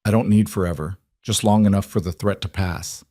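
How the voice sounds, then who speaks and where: A man voicing a controlled crime boss who speaks in flat, clipped sentences. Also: deep voice, fairly quick, no echo, studio quality. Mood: cold.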